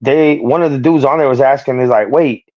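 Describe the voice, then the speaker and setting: A man in the middle of a heated, profane rant on a streamed talk show, swinging into sharp raised-voice quotes of other people. His audio is dull and muffled, and the sound is dry with no room around it. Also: medium pitch, brisk, no room sound. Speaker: streamer co-host. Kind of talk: heated casual chat.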